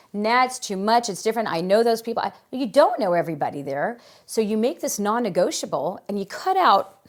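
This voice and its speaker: A middle-aged woman dating coach giving animated, emphatic advice in an interview, full of rhetorical questions. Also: mid-range voice. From Jerusalem resident.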